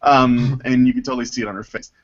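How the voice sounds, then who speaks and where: Male podcast host, mid-pitched, rambling and filler-heavy, dull lo-fi sound. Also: fairly even intonation. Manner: rambling, halting, with many fillers. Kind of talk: casual panel chat, reading listener mail.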